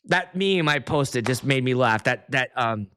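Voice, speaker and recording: A man's voice: mid-range voice, a little slow, clean tone. A man hosting a casual livestream as a DJ, telling stories and acting out quotes from guests with plenty of swearing. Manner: animated storyteller who acts out quotes with swearing. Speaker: DJ and livestream host.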